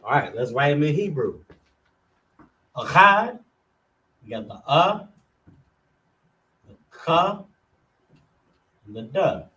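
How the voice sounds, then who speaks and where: Slow, methodical man teaching a class. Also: mid-range voice, sing-song, a bit bright. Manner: slow, methodical, repeating syllables one by one. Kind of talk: classroom lesson.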